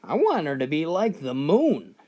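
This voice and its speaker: A woman's voice: low voice, very animated, unhurried, mellow, exaggerated voice. A woman voicing a cheeky, mouthy young boy with blunt punchlines.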